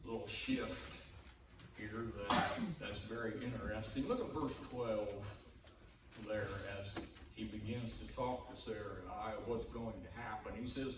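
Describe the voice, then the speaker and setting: A man preaching a sermon as pastor, in a slow, conversational way that rises in emphasis when he quotes scripture. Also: on the low side. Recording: echoey hall, distant mic, room noise.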